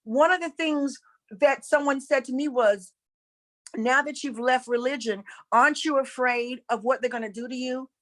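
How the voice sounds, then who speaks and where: A woman's voice: sits high, moderate pace, fairly bright tone, rough recording. A woman, a spiritual coach and former preacher, speaking in an emphatic, preaching style and repeating her points while addressing listeners as y'all. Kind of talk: impassioned preaching-style talk.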